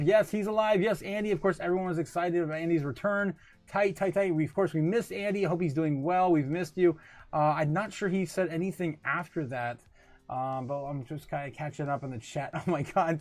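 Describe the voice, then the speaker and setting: A man hosting a crypto livestream, casually reading out viewer comments with lots of laughter and filler words. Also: fairly high pitch. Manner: laughs often, hesitant with many fillers.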